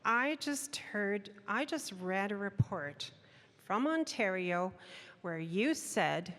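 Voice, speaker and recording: A woman's voice: medium pitch, lively intonation, slow, a bit bright. A woman in a town hall audience asking questions in an accusatory, exasperated way, with sighs. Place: large university hall. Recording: long echo of a big hall.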